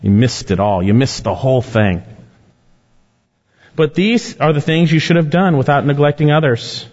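A pastor preaching a sermon with emphatic rises and falls, slowing down on key words. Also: male voice, animated, darkish tone. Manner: emphatic preaching, swelling and dropping in pitch and volume. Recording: long reverb, dull lo-fi sound.

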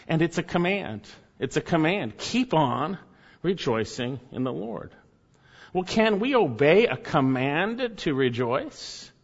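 A man preaching a sermon as pastor, emphatic, repeating key phrases and slowing down to stress words. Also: fairly high pitch, fairly bright tone, in a large hall, muffled recording.

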